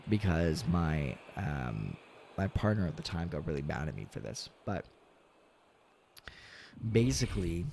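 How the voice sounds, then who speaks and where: A man streaming a game, talking casually and ranting with lots of swearing, dropping to low mutters and rising to loud outbursts. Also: creaky, slight background noise. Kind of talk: casual gaming stream chat.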